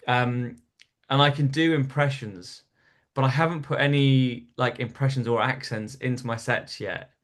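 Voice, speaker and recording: A man's voice: mid-range voice, fairly even intonation, normal speed, a bit bright. A man from North East England, a stand-up comedian, telling stories in a casual podcast chat with frequent restarts. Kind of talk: storytelling in casual interview.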